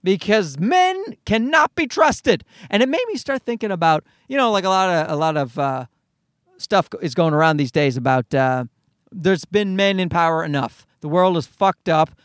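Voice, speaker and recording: Podcast guy ranting and rambling, swears a lot, voice jumps all over, pretty high. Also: moderate pace, no echo, studio quality. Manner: rambling, swearing, animated asides. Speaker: podcast host. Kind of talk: comedic monologue.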